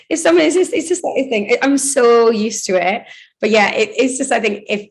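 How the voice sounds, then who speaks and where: A woman's voice: a little high, animated, fast. A woman with a British accent, a DJ and radio host, telling chatty stories in a casual interview. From United Kingdom. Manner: chatty anecdotal storytelling.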